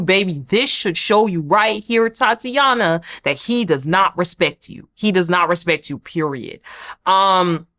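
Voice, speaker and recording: A woman talks through a reality show episode in a casual, opinionated recap. Her pitch swings widely as she plays out what each person said. Her tone is sassy and blunt. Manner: sassy, animated, acts out quotes.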